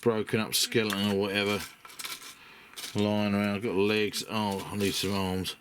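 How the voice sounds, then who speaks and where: Speaking at a normal speed with a flat delivery and a lowish voice, a middle-aged Briton rambles chattily and self-deprecatingly as he goes through parts in his workshop. He's a miniature model builder making a casual hobby vlog, recorded amid workshop noise and clicks.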